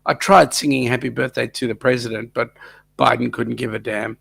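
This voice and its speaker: An Australian man hosting a casual livestream chat, croaky from a lingering cough, cracking jokes and reading out viewer comments. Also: medium pitch, fairly even intonation, brisk, fairly bright tone. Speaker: livestream host.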